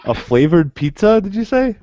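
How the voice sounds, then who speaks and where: Lively playful man, dry muffled sound. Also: sits high, moderate pace. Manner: playful, teasing. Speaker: podcast co-host. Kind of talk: casual chat.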